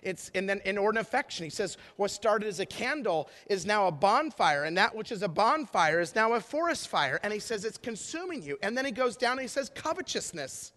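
Bright high-voiced man preaching. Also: very animated, fairly quick, hardly any pauses. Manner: emphatic, conversational preaching with rhetorical questions. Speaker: pastor. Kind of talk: sermon. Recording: echoey hall with long reverb.

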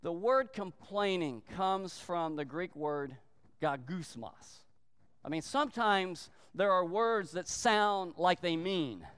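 High, clear-voiced man preaching a sermon. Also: fairly bright tone, in a large hall. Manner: emphatic preaching, slowing down for weight, brief acted quotes. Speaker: pastor.

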